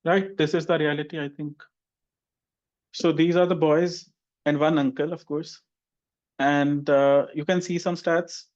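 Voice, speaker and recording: A man's voice: a little high, little pitch movement, unhurried, pauses often, darkish tone, muffled recording. A man teaching an online English exam class and giving chatty, teasing feedback to students. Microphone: video call.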